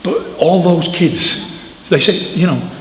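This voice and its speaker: A man giving an animated, informal talk to an audience at a book launch, telling stories with emphatic asides. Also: a little high, slow. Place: church hall. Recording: echoey church with long reverb, faint noise.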